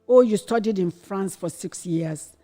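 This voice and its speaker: A woman's voice: mid-range voice, a little slow, mellow. A middle-aged woman from Nigeria telling her family's story to her daughter in an earnest way, acting out what was said back then. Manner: earnest, quotes her own past words with rising intensity. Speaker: interview guest, the host's mother. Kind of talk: candid personal storytelling.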